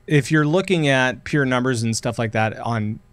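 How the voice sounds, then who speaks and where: A man's voice: medium pitch, normal speed, no echo. A man hosting a casual gaming podcast, talking in long rambling runs with many restarts. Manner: rambling, many restarts and fillers, animated when excited. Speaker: podcast host.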